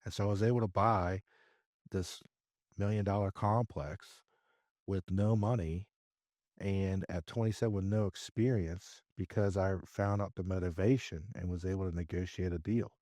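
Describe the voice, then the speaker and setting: A man as a podcast guest, telling a business story in a lively way and acting out his own dialogue. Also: sits low, normal speed, dry recording. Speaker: podcast guest, real estate investor. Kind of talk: conversational storytelling interview.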